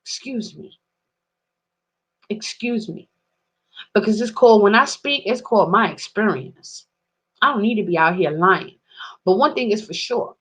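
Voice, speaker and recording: A woman delivering an angry, profane monologue to camera, swinging between loud outbursts and low muttering. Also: lively intonation, moderate pace, husky. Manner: heated, profane ranting.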